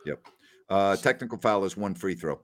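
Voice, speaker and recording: A man hosting a casual post-game livestream, animated as he reads out viewer comments. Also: deep voice, normal speed. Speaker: podcast host.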